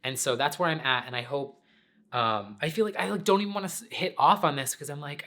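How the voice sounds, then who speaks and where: A man chats to camera from his apartment in a bright, forward voice. He rambles loosely and speaks candidly, with the odd curse word. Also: fairly high pitch, animated, normal speed. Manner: rambling, chatty, candid, sprinkled with swearing. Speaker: vlogger and podcast host. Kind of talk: casual chat to camera. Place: sitting at home in his apartment.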